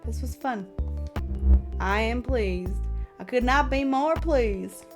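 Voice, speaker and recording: A woman voicing an ancient male ghost with a Southern cowboy drawl, speaking in slow, grand, old-fashioned phrases. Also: a little high, music in the background, pitched above the performer's own voice. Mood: courtly. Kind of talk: reading a dating game aloud.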